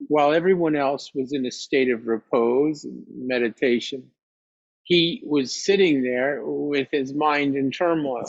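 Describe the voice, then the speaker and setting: A male meditation teacher telling a teaching story in an unhurried, reflective way. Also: medium pitch, dry recording. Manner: unhurried, reflective, with soft laughs. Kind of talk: storytelling dharma talk. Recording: dry, slightly dull recording.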